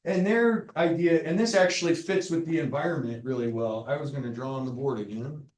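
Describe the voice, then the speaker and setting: A man lecturing a class, loose and joking, tagging his points with "right?". His voice sits a little high for a man. He sounds set back from the mic, with the lecture hall's echo around him. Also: fairly quick, recorded from a distance, slight background noise. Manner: casual, joking, tags sentences with "right?". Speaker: university lecturer. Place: lecture hall. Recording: echoey lecture hall, speaker off mic.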